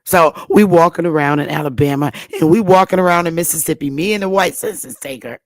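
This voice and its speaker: A woman's voice: lowish voice, quick pace, few pauses, no room sound. A woman with a New York accent giving an emphatic, repetitive casual monologue with frequent swearing. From northern United States. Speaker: commentary host.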